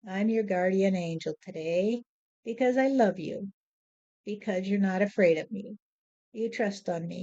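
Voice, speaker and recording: A woman speaking as a spiritual medium in a slow, measured way, often repeating "you see.". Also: mid-range voice, warm tone, lo-fi sound. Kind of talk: spoken spiritual monologue. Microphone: handheld voice recorder.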